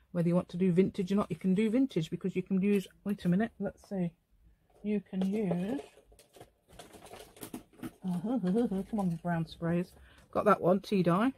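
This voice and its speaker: A woman's voice: lowish voice, warm tone, breathy edge. Chatty woman, rambling craft talk. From England. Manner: rambling, chatty, talks to herself while working. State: tired. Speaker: craft channel host. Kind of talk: casual crafting tutorial chat.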